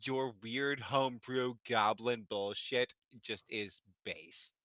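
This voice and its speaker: A man's voice: medium pitch, takes it slowly, sharp tone, no echo, highs cut off. Sarcastic man in a tabletop game. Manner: sarcastic, dismissive. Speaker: player. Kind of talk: in-character tabletop play.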